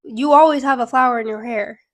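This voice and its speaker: A woman's voice: fairly high pitch, a little fast. A young woman hosting a casual interview with her grandmother, asking questions and cheering her on. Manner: warm, encouraging interviewer. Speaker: podcast host and grandchild. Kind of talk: casual chat.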